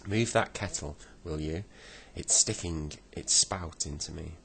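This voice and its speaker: A man's voice: a bass voice, unhurried, vocal fry, fairly bright tone, a little hiss or hum, exaggerated voice. A man voicing a polite boy turned into a clockwork clown, apologetic and easily flustered. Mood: earnest. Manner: apologetic, then cross.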